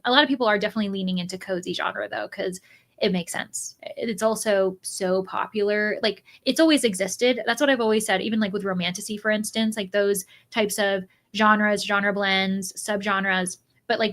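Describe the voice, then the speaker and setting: A chatty young woman hosts a casual reading livestream. She reads out viewer comments and answers them in a rambling way, with plenty of fillers and restarts. Her voice sits at an ordinary middle pitch for a woman. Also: fairly bright tone. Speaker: livestream host of a reading sprint.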